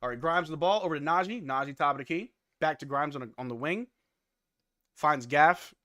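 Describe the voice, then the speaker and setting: Man, high voice, bright and sharp, dry close sound, live game hype commentary. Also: brisk, no echo. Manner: hype play-by-play, shouts on big plays. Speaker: live stream watch-along host.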